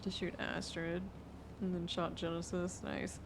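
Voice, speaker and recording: A woman's voice: fairly low pitch, monotone, a little slow, noisy background. A young woman streaming a roleplay game, chatting casually in a laid-back, profane way, and sounding sleepy and worn out. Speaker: livestreamer playing a roleplay game.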